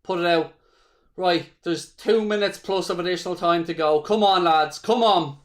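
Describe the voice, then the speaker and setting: This Irish man's voice sits high and moves at a normal speed. He hosts a live football watchalong, calling the game as a fan while swearing freely and chatting with the people watching.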